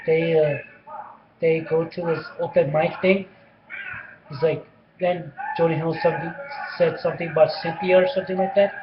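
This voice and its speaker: Man, fairly high voice, rambling casual movie recap full of restarts; muffled lo-fi recording. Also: background noise. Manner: rambling, many restarts and repeated phrases. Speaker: movie reviewer.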